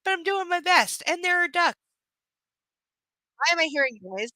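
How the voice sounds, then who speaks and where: A woman with a high, bright, sharp voice reads a book live and breaks off into sarcastic, swear-filled rants. Her exasperation carries through everything she says. The sound is dry and close. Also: lively intonation, moderate pace, no room sound, poor audio. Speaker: livestream book reader. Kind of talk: live reading with ranting commentary.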